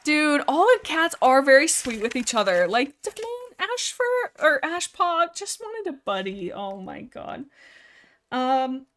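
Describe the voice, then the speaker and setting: Young woman livestream host, rambling and animated, casual chat with read-aloud bits. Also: high voice, measured pace, a little hiss or hum. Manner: chatty, rambling, animated reactions, reads book excerpts aloud.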